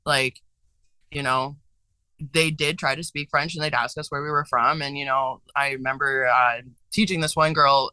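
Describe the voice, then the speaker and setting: A man's voice: mid-range voice, steady tone, moderate pace, pushed and bright, smooth, no room sound, poor audio. A man hosting a podcast, talking casually and agreeing often with his guest. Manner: chatty, agreeable, frequent yeahs. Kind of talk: casual chat.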